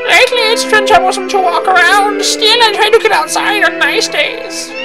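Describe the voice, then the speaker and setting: Elderly lady in a piping falsetto, done by a man, gentle and welcoming, game music loud behind. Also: normal speed. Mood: sweet, welcoming. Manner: shrill, quavering falsetto.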